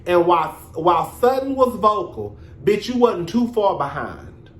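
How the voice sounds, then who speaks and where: A man hosting his own reality TV review vlog, talking in a sassy, animated, profane gossip style with drawn-out emphasis. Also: a little high, roomy sound. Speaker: reality TV reviewer, show host. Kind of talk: casual commentary vlog.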